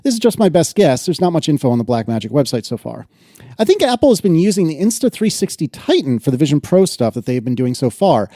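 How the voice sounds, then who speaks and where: A man's voice: on the high side, very animated, fast, mellow, dry recording, studio quality. A man co-hosting a casual tech podcast, reading listener letters aloud and laughing often. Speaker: podcast co-host.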